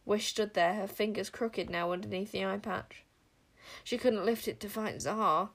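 A woman narrating a storybook with an expressive, dramatic delivery. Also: mid-range voice, moderate pace. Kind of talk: storybook reading.

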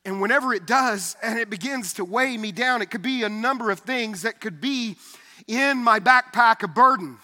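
Earnest, bright-voiced middle-aged pastor preaching. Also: male voice, very high-pitched, normal speed, big-room sound. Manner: earnest, confessional preaching with frequent restarts. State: slightly out of breath from carrying a heavy backpack. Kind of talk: sermon. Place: church sanctuary.

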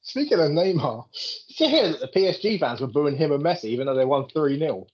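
British man, animated swearing banter, podcast co-host, dull lo-fi recording. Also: fairly high pitch, quick pace. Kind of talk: casual chat about football.

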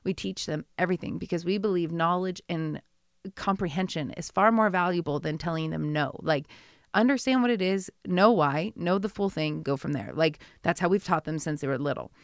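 A woman's voice: fairly low pitch, normal speed, no echo, studio quality. A woman in her thirties in a casual conversation, talking chattily with many asides and telling stories about her children. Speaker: guest.

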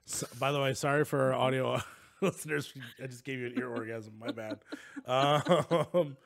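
A man's voice: mid-range voice, normal speed, gravelly. A man co-hosting a podcast in jokey casual chat, laughing often. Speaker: podcast co-host.

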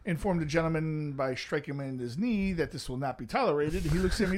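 A man's voice: fairly high pitch, moderate pace. A man, a former police officer, telling crude stories on a podcast and acting out the voices of the people in them. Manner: animated, profane, acts out voices in his stories. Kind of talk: casual storytelling with crude humor.

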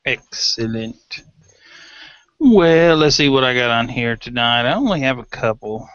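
A man co-hosting a podcast, chatting casually in a relaxed way. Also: mid-range voice, a little slow, smooth, dry recording. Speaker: podcast co-host. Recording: dull lo-fi audio.

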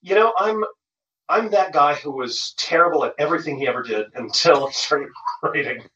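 A man, a guest author, telling stories in a casual interview, animated and full of restarts, heard over remote call audio. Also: on the high side, moderate pace, roomy sound, recorded from a distance, lo-fi sound, slight background noise. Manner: animated storytelling with frequent restarts.

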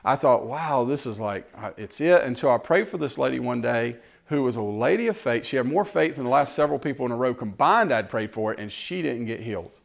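A man preaching a sermon, swinging between loud exhortation and quiet storytelling. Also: mid-range voice, fairly quick, gravelly, hardly any pauses. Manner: animated, rising to loud exhortation and dropping to quiet, tender storytelling.

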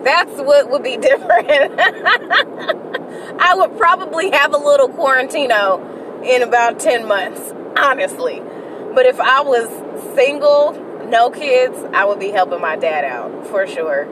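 A Bay woman in her early thirties vents candidly on her solo podcast, swearing freely and rambling into sudden outbursts. Her fairly high voice sits away from the mic. Steady car road noise runs behind her. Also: unhurried, recorded from a distance. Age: early 30s. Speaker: podcast host. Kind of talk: casual solo podcast venting. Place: inside a car on the freeway.

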